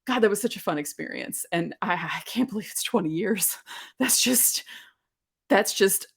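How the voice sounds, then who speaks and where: A woman's voice: medium pitch, expressive, a little fast, gravelly, slightly rough. A woman in her thirties hosting a podcast, telling a nostalgic story in a chatty way with lots of asides. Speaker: podcast host. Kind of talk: casual solo podcast talk.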